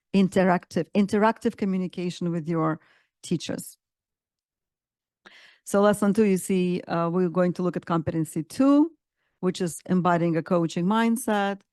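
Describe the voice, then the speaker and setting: A woman coaching instructor presenting a webinar with enthusiasm, often pausing with fillers and restarting phrases. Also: lowish voice, a little mellow, no room sound.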